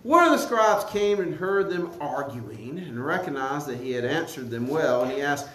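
High, lively-voiced preacher in an echoey room. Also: male voice, moderate pace, hardly any pauses. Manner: animated preaching with call-and-response questions to the congregation; repeats words while building a point. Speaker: pastor. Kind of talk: sermon.

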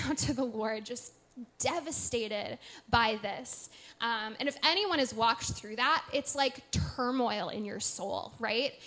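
Earnest woman sharing a faith testimony. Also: fairly high pitch. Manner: earnest, reflective, soft-spoken with nervous laughs. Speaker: podcast co-host sharing testimony. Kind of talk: candid faith testimony chat.

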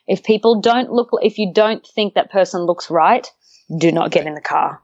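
A young woman talking in a chatty, storytelling way with a fairly low voice. She laughs easily and acts out the people she quotes. The sound is dry and a little muffled. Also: normal speed, a little mellow, dry recording. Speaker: guest. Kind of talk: casual storytelling interview.

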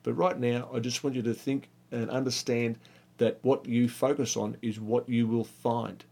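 A man's voice: mid-range voice, level tone, normal speed, vocal fry, warm tone. A man hosting a podcast, giving an earnest motivational talk full of rhetorical questions. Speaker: podcast host. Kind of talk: motivational monologue.

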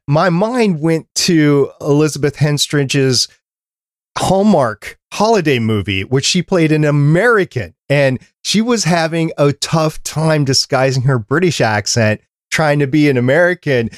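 A man's voice: fairly high pitch, animated, a little slow, dry recording. Man host, easygoing hedging chat, dry close mic. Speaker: podcast host. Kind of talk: casual chat.

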